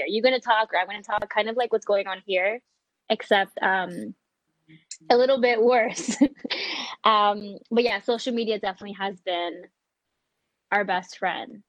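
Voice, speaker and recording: A woman's voice: medium pitch, no room sound, muffled recording. An American woman co-hosting a casual video-call chat, talkative, with frequent ums and laughter. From United States. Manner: chatty, laughs often, many ums. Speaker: meeting co-host.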